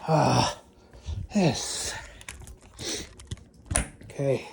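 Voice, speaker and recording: A man vlogging casually, out of breath, halting with frequent pauses and sighs. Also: on the high side, slight background noise. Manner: halting, pausing often, sighing. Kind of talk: casual vlog narration.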